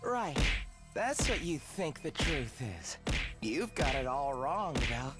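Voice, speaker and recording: An actress playing a cold, cryptic young woman in a video game, speaking slowly and knowingly. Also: low-pitched, very animated, over music, exaggerated voice.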